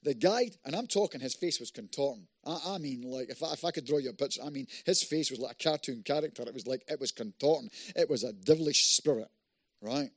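A man preaching a sermon, telling a personal story in a conversational way that builds to loud, emphatic passages. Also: mid-range voice, fast talker, no echo, clean studio sound. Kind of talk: sermon testimony.

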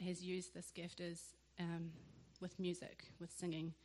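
A young woman, sharing a lively church testimony and acting out the conversations in it. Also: fairly low pitch, a little slow. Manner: animated storyteller who acts out dialogue with laughter.

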